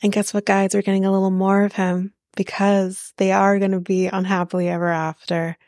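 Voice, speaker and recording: A young woman talks through a reality show recap on her podcast, loose and chatty, full of fillers and casual swearing. Her mid-pitched voice carries a gravelly fry, and the recording is dry and close with no room sound. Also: flat delivery, brisk, darkish tone, no room sound. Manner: chatty, profane, rambling with many fillers.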